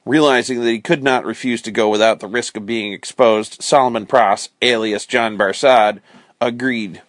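A man reading a classic novel aloud as a bedtime story, calm and measured. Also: mid-range voice, dry recording, clean studio sound.

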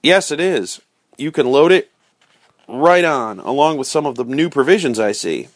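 A man voicing a calm adult pioneer mother as he reads a storybook aloud, in a gentle, measured way. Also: mid-range voice, no room sound, lightly acted.

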